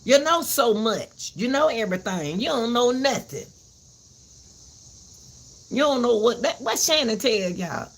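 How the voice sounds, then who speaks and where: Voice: medium pitch, lively intonation, measured pace, creaky, long pauses. A host giving a heated commentary rant, repeating herself and cursing as she vents. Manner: fiery, repeats herself, cusses.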